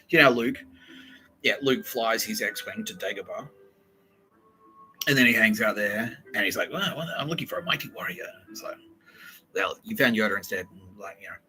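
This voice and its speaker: A man's voice: lowish voice, sharp tone, low-quality recording. Swearing man telling a rambling story. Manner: casual, swears a lot, acts out quotes in quick asides. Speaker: podcast host.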